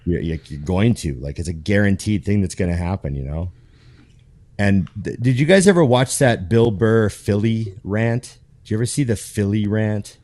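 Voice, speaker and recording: Swearing, animated man. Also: fairly low pitch, normal speed, no room sound. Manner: animated storyteller, swears freely. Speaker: podcast host. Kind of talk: casual podcast chat.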